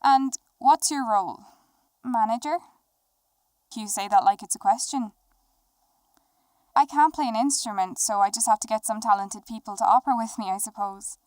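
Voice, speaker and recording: A woman voicing a young woman who acts as a teasing talk-show host and interviews herself in an animated film. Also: fairly high pitch, fairly quick, dry recording, natural voice.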